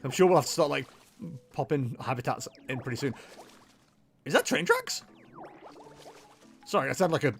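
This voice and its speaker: A man's voice: mid-range voice, fast talker, gravelly, faint music behind. A young man chatting casually as he streams a game, rambling and poking fun at himself. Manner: chatty, rambling, self-mocking. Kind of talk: casual gameplay livestream commentary.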